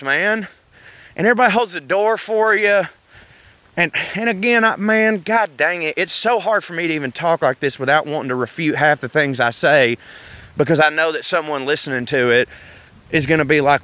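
A middle-aged podcast host from the Southern United States rants casually outdoors in a park, profane, animated, and rambling, with a Southern US accent. His voice is a little high and smooth, with no echo.

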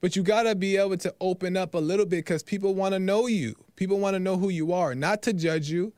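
A man's voice: high voice, fast talker, a little mellow, dry recording. A man hosting a call-in talk show, sharing his opinions earnestly and repeating his points for emphasis.

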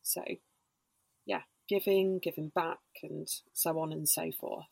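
A woman speaking in a husky, gravelly voice, pitched on the low side. She talks through her ideas slowly in a relaxed podcast chat, leaning on fillers. The recording is close and dry. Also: no room sound. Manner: explains slowly with many hedging fillers. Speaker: podcast guest, Reiki practitioner and embodiment coach.

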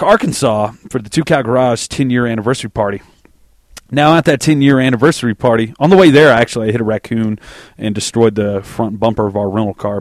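A man's voice: lowish voice, darkish tone, dry recording, clean studio sound. Rambling man hosting a music show. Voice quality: loose, self-deprecating, swears casually. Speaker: music podcast host. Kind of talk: casual rambling chat between songs.

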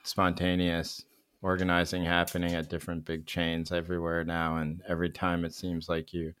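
A man's voice: low-pitched, monotone, normal speed, a bit bright, smooth. A man hosting a casual panel discussion, talking in a wry, rambling way with joking asides. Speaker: podcast host.

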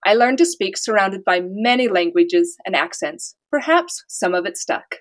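A woman's voice: medium pitch, expressive, moderate pace. Woman author telling her story. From United States. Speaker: author guest. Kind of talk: casual interview talk.

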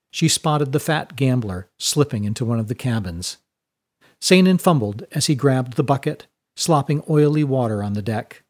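A man reading a serialized adventure story as its narrator, in a steady, measured way. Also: medium pitch.

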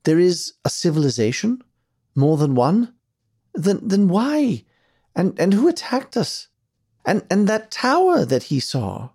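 Anxious young man, stammering and higher, voiced by a male narrator, audiobook. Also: sing-song, unhurried, darkish tone, breathy edge, heavily acted. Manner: stammering, higher-pitched, eager.

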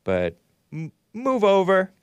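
A man's voice: high-pitched, wildly swooping pitch, slow pace, clean tone, no room sound, muffled recording. A man from Southern California hosting a talk show, reading viewer messages aloud with wry, sardonic asides.

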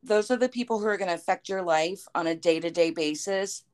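A woman's voice: fairly low pitch, fairly quick, a little mellow, smooth. A woman co-hosting a podcast, making earnest, emphatic points in casual political chat. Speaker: podcast co-host and editor.

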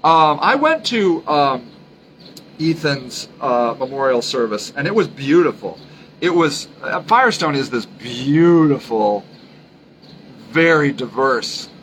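Man, podcast host, solo monologue, earnest, emphatic, halting restarts, mid pitch, faint background hiss. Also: big pitch swings, a bit bright, low-quality recording. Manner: earnest, emphatic, repeats his points.

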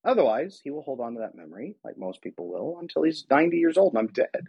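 A man's voice: mid-range voice, very animated, quick pace, breathy edge, no echo, muffled recording. A man who works as an attachment specialist, speaking earnestly as a guest in a conversational interview and acting out talks with his kids.

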